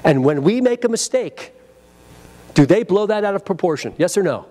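Presenting a live sales training seminar at a convention, a man speaks at normal speed in a high voice. He's energetic, acts out phone greetings, and pulls the room into call-and-response.

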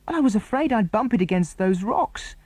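An excitable young boy from a storybook, high-pitched and anxious, as a man puts him on. His voice jumps well above the reader's own and gets pleading when upset. The sound is close and dry. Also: a little slow, slightly rough, no room sound. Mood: dismayed.

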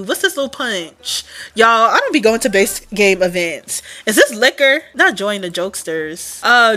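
A woman chats her way through a life-sim game, sassy and full of slang. Her voice is bright and sharp, and her pitch bounces around a lot as she reacts. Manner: sassy, slangy running chatter. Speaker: Sims let's player. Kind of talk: casual game commentary.

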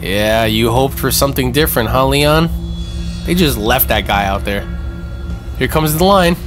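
Speaking in a mid-range voice at a normal pace, a man hosts a gaming channel let's-play with casual, slangy commentary. Tense moments make him excitable, so he yelps and repeats himself, all over loud game music.

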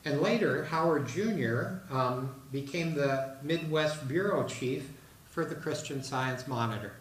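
Male presenter, halting, filler-heavy talk; distant mic in a roomy hall. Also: on the high side. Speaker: speaker giving a talk on an artist. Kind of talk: presentation to an audience. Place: hall in a retirement residence.

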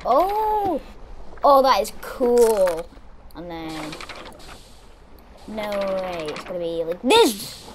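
A woman giving excitable, chatty let's-play commentary, exclaiming as she plays. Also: mid-range voice, takes it slowly, long pauses, background noise. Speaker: gamer.

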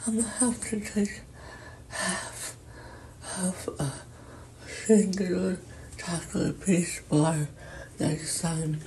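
A woman high on an edible, rambling in a giddy, anxious way in a casual selfie video. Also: takes it slowly, long pauses, mellow, slight background noise.

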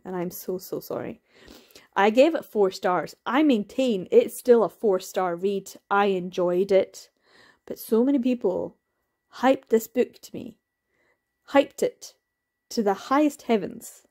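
A woman's voice: medium pitch, warm tone. A woman giving casual, opinionated book reviews in a chatty, candid way, laughing now and then. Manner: acts out quoted voices, laughs.

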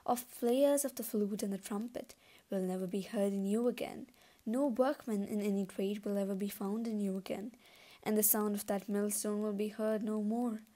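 A woman reading scripture aloud in a measured, deliberate way. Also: medium pitch, dark tone. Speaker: Bible reader.

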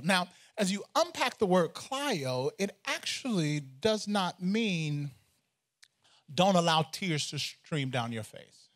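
A man, a pastor, preaching a sermon in an animated, conversational way with humor and repeated phrases. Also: sits high, measured pace.

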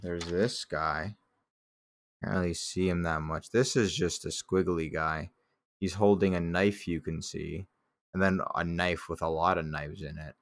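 Young man, low voice, unhurried, laid-back joking commentary with casual swearing. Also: steady tone. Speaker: artist reviewing his childhood drawings.

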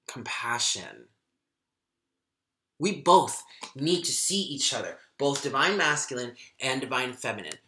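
A man talks through a tarot reading to his viewers, open and emotional, with casual swearing. His voice is bright and sharp-edged, and the room around him echoes. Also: medium pitch. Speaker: tarot reader.

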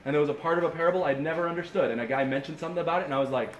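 A man's voice: on the high side, rapid-fire, lo-fi sound. Man preaching in an echoing room. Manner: animated storytelling with frequent restarts. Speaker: pastor. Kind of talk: sermon. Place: camp meeting room. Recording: roomy echo with faint hiss.

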